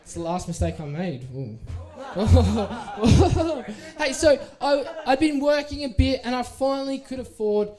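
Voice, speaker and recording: A young Australian man giving a casual talk to a youth group, telling a story in a lively, playful way and acting out the people in it. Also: extremely high pitch, a little slow, hardly any pauses, a crowd in the background. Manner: animated, playful, acts out the people in his story. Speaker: youth speaker.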